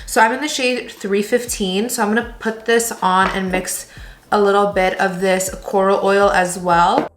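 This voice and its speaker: A woman's voice: medium pitch, fairly even intonation, moderate pace, roomy sound, slight background noise. A young woman chatting casually through a hair and makeup tutorial at home, upbeat and full of product recommendations. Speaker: beauty vlogger. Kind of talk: casual get-ready-with-me tutorial. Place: room at home.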